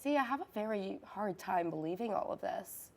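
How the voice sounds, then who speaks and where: An actress playing a therapist who questions her patients in a measured, dry and probing way, in a comedic student film. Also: mid-range voice, animated, gravelly. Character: patient, increasingly exasperated woman therapist.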